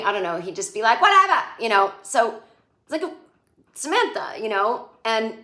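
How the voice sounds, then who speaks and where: A woman comedian recapping a TV episode in a chatty, sarcastic way, swearing freely and acting out the characters' lines. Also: mid-range voice. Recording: echoey room.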